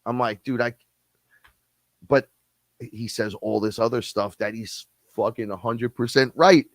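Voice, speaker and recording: Casting note: fast-talking, profane man ranting, dry close sound, middle pitch. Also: steady tone, no echo. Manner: blunt, profane, fast-talking, mimics others. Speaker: podcast guest-host. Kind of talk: casual rant.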